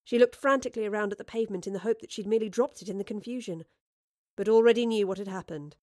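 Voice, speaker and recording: A woman's voice: medium pitch, quick pace, warm tone, no room sound, clean studio sound. A woman narrating an audiobook, reading with expression and voicing the characters. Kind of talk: scripted narration.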